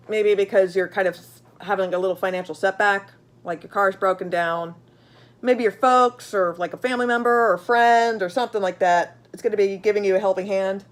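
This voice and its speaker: A woman reads tarot cards to camera in a loose, chatty way. She is blunt and swears often, circles back on her words and fills gaps with "uh" and "you know". Her voice sits at an ordinary middle pitch. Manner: blunt, swears freely, many fillers; chatty, repeats herself while pulling cards. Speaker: tarot reader. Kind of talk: casual tarot reading.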